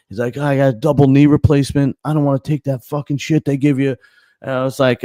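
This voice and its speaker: A man's voice: mid-range voice, fast talker, no room sound. Man, podcast host, cursing storyteller, dry close sound. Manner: profane, animated storyteller acting out quotes. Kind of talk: casual storytelling chat.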